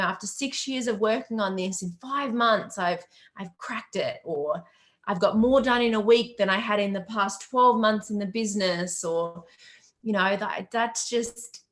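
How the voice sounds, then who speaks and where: A woman's voice: mid-range voice, a bit bright. A middle-aged Australian woman, a business coach, chatting on a live Q&A stream, upbeat and chatty, greeting viewers by name and laughing often. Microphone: webcam or laptop mic on a video call.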